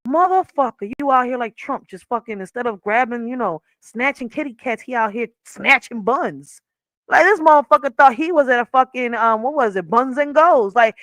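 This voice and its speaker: A woman's voice: a little high, expressive, moderate pace, a bit bright, no echo, low-quality recording. A woman hosting a livestream from her chair at home, telling a story in a casual, profane, laughing way. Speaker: livestream host. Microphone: wearing headphones.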